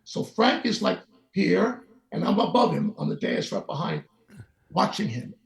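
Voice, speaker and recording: A high-pitched, gravelly older man speaks a little slowly as a guest musician in a sit-down interview. Telling stories with animation, he voices the characters who appear in them.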